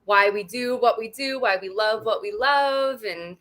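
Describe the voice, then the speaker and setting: A woman co-hosting a casual livestream chat, upbeat and quick to agree with her partner. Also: a little high, fairly bright tone. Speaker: livestream co-host.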